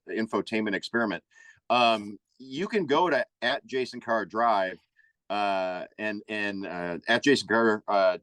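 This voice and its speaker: A man's voice: fairly low pitch, fairly bright tone, dry recording, rough recording. Playful male TV host, dry sound. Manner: playful, plugs his show. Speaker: TV show host, guest. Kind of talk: casual comedic chat. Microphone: video call.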